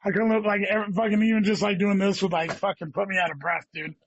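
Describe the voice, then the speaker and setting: A man with a fairly high voice tells a meandering story in casual chat, cursing freely and saying "dude" constantly. The sound is dry and a bit dull, like a lo-fi recording. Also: flat delivery, fast talker, no room sound. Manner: rambling, heavy swearing, says "dude" constantly. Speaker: guest comedian.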